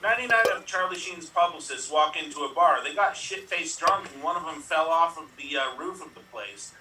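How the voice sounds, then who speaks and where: A man improv player telling short comic bar jokes with a halting delivery. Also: a little high, far from the mic, noisy background. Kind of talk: telling quick setup-punchline jokes.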